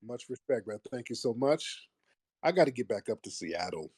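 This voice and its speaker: A man's voice: mid-range voice, sing-song, normal speed, darkish tone, slightly rough, no echo, clean studio sound. A man hosting a live call-in show, casual and combative, mocking and insulting his callers.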